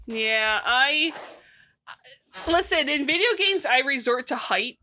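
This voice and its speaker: A woman co-hosting a casual chat, recapping a horror story with animated, wry asides and some swearing. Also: high-pitched, takes it slowly, a little hiss or hum.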